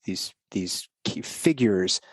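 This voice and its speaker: A man's voice: fairly low pitch, animated, takes it slowly, dry recording. A middle-aged man, a doctor guesting on a podcast, telling a personal story in an earnest, rambling, casual way.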